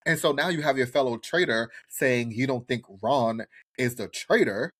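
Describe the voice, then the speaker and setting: A male podcast co-host talks through a reality show episode in loose, casual chat. His voice sits at a mid pitch, and he is animated and profane, slipping into quick impressions of people.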